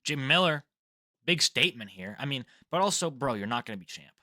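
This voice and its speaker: A man's voice: medium pitch, expressive, brisk, pushed and bright, no room sound, clean studio sound. A young man giving casual solo fight predictions, rambling, swearing and laughing at his own slips.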